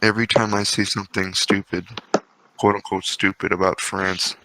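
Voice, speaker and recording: A man's voice: low voice, level tone, normal speed, bright, forceful tone, low-quality recording. A man co-hosting a podcast in casual chat, telling stories in a wry, dry way. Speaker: podcast co-host. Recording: noticeable background noise.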